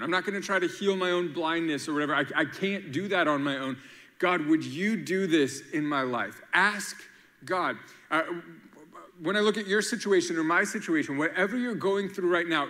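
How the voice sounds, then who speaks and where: A man preaches with a bright, forward voice pitched a touch high. He is lively and playful, jumping into acted-out quotes and rhymes to drive his points home. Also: in a large hall. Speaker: pastor. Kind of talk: sermon.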